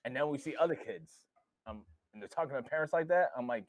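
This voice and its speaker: A man's voice: medium pitch, animated, fast talker, dry recording, highs cut off. Blunt man in a dry room. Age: adult father. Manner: blunt, swears freely. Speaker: podcast co-host. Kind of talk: casual chat.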